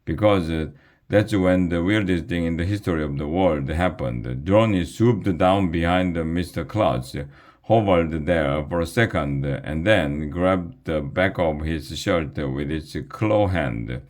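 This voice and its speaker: Low-voiced man reading a children's book. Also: unhurried. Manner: steady reading with small restarts. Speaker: reader.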